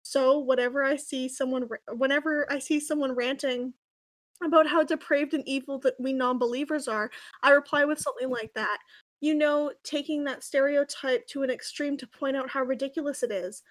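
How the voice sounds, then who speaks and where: A sarcastic young male villain from a parody fan story, whiny and defensive, explaining himself in a flat voice. A woman reads him aloud in a voice close to her own. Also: high voice, moderate pace, lightly acted.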